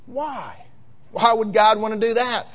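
A male pastor preaching a sermon, acting out voices and building to loud, emphatic peaks. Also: high voice, fairly even intonation, unhurried. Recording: long hall reverb.

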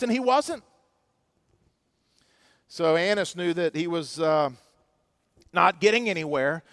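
A man delivers a sermon to his congregation in a noticeably high voice. He swings from loud emphasis down to hushed passages. The sound is close and dry, with no room echo. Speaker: pastor. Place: church.

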